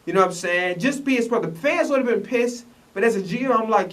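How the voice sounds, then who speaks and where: High-voiced man ranting a bit off-mic. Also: expressive, fairly quick, hardly any pauses, a bit bright, far from the mic. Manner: profane, rambling, with many restarts and stammers. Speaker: vlogger reacting to the draft. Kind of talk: casual ranting commentary.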